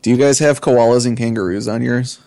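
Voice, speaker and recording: A man's voice: medium pitch, steady tone, a little fast, vocal fry, mellow, dry recording. A man from the United States, a podcast guest, chatting in a hesitant, curious way with lots of fillers. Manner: hesitant, curious, laughs a lot. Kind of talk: casual podcast chat.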